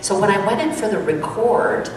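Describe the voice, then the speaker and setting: Excitable woman telling stories in a hall. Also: background noise. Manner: excitable, fast-talking, swings into sudden high exclamations. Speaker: guest voice actor on a convention panel. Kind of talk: animated convention panel storytelling. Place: large convention hall. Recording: echoey convention hall, distant mic, crowd.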